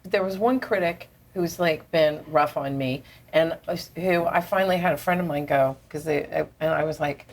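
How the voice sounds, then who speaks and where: Gravelly-voiced woman playwright chatting. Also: deep voice, normal speed, hardly any pauses. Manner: animated, self-mocking storytelling. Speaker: playwright guest. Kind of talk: casual lunch conversation. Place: restaurant at lunch.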